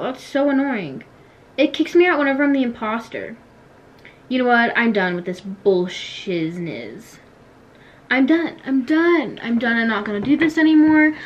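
A teenage girl chatting casually while playing an online game, giggly and quick to complain, then wrapping up her vlog. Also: on the high side, dull audio. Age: teens. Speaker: YouTuber. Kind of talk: casual gaming vlog chat.

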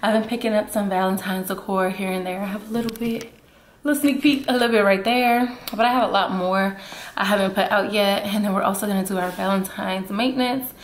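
A woman's voice: medium pitch, a little fast, reverberant. A woman vlogging in a casual, chatty way, talking straight to her viewers and laughing often. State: out of breath. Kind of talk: casual vlog chat. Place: inside a car.

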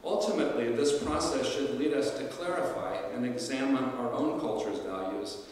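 A man's voice: medium pitch, moderate pace, darkish tone, a little hiss or hum. Lecturing man in an echoey hall. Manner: thoughtful, many fillers and restarts. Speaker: professor of classics. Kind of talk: lecture to alumni. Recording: roomy hall, distant mic.

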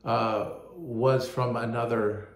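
A man, a pastor, telling a personal testimony in an earnest, halting way, often repeating words as he goes. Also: mid-range voice, flat delivery, reverberant.

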